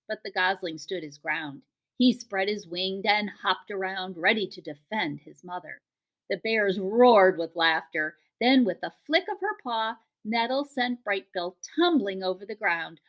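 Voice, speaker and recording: A woman narrating a children's novel aloud in an expressive storybook style. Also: mid-range voice. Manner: expressive, animated reading. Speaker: audiobook reader.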